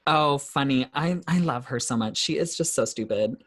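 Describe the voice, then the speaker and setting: A man's voice: medium pitch, moderate pace, fairly bright tone. A young man from Canada, a drag queen guest chatting on a podcast, giggly and gossipy with freely dropped swear words. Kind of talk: casual chat.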